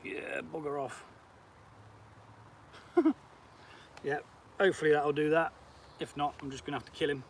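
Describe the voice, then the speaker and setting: A man's voice: on the high side, moderate pace, long pauses, slight background noise. Chatty British man cooking outdoors. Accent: British English. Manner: chatty, swears lightly, laughs often, reads viewer comments aloud. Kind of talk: casual live-stream chat while cooking outdoors. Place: outdoors, cooking on a camp stove.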